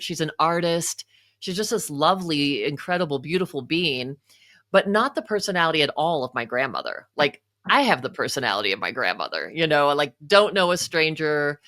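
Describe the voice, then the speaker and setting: Woman w a low voice telling a heartfelt personal story, lots of "you know". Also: fairly bright tone, no echo, clean studio sound. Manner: emotional, frequent "you know" asides. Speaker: guest, psychotherapist and author.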